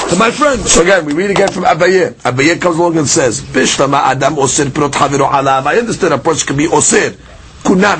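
A man giving a Talmud study lecture, explaining with questions and answers and shifting his pitch and pace for emphasis. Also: creaky, slight background noise. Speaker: Talmud teacher.

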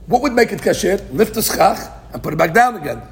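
A man leads a daily Talmud class, reading the Aramaic text aloud and explaining it in English. His voice sits high and carries a gravelly edge. He keeps things animated by asking his own questions and then answering them. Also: fairly quick. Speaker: Talmud teacher. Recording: podcast recording of a live class.

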